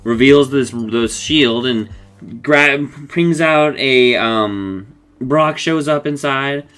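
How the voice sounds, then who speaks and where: A man's voice: mid-range voice, takes it slowly, a bit bright, smooth, soft background music. A man casually recapping a cartoon episode, rambling and acting out the characters' lines, laughing often.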